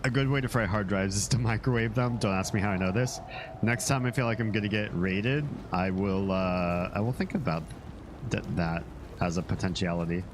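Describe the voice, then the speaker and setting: A man's voice: lowish voice, fairly quick, background noise. A man from Finland and the United States chatting casually while streaming a game, rambling, joking and swearing. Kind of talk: casual gameplay stream chat.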